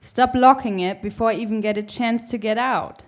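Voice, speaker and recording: A woman's voice: fairly high pitch, moderate pace, close to an everyday voice. Cranky old lady, stubborn and snappish, grumbling, read by a young woman with a German accent. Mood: indignant. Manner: grumbling, indignant. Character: grumpy elderly woman, stubborn and sharp-tongued. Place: live reading on stage.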